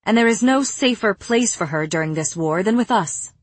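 A woman reading an audiobook, voicing a fearless young woman who speaks in a cool, clipped, steady way. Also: medium pitch, moderate pace, slightly rough, no room sound.

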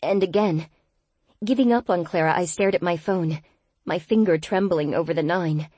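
A woman giving a tense, expressive first-person audiobook narration. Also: lowish voice, normal speed, husky, dry recording, lo-fi sound.

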